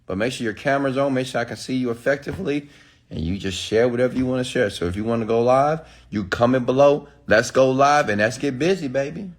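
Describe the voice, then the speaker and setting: A man's voice: mid-range voice, fast talker. A man ranting emphatically on a live stream, answering chat comments and preaching to his followers with repeated "okay?"s.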